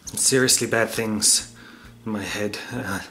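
Halting man in a comedy sketch. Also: lowish voice, background noise. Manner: hesitant, halting.

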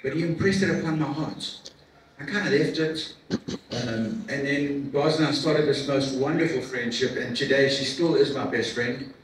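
Middle-aged man testifying in an echoey hall. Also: mid-range voice. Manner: earnest, emotional, halting with repeats and fillers. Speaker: guest speaker at a men's breakfast. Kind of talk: personal testimony talk. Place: large room at a church men's event. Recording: echoey hall from far off with faint noise.

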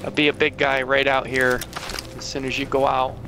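A man making short, relaxed remarks and calls while playing a co-op shooter with friends. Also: medium pitch, a little fast, over music. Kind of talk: casual gaming chat. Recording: game gunfire and noise behind.

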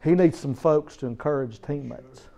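Animated preacher, high-pitched man. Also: moderate pace, vocal fry. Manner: animated, emphatic storytelling with repetition. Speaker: guest preacher. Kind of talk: storytelling sermon.

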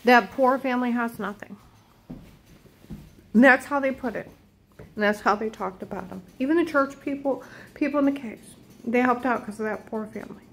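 A woman's voice: a little high, brisk, vocal fry, fairly bright tone, slight background noise, rough recording. A woman talking straight to her viewers in a rambling, repetitive and agitated personal monologue.

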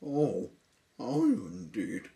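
A man's voice: a little high, huge pitch swings, a little slow, darkish tone, far from the mic, voice pushed up. A man voicing a small, gloomy, sniffling storybook character who whines about how miserable he is. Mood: sniffy. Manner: mopey, self-pitying whine.

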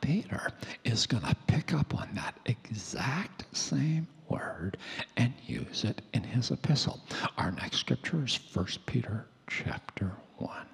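A man preaching a sermon in a hoarse, breathy near-whisper, slow and emphatic, stretching out key words. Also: mid-range voice, expressive. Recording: long hall reverb.

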